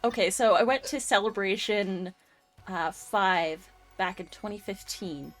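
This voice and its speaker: A woman on a live chat show telling anecdotes in a relaxed, amused way. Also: medium pitch, measured pace, faint music behind. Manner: laid-back storyteller, amused.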